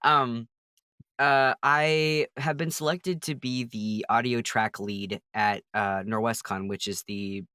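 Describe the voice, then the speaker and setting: A man's voice: medium pitch, steady tone, slow, pushed and bright, clean tone, dry recording, clean studio sound. A man co-hosting a podcast in casual chat, giving brief encouraging replies. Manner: brief encouraging responses, laughs along. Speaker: podcast co-host.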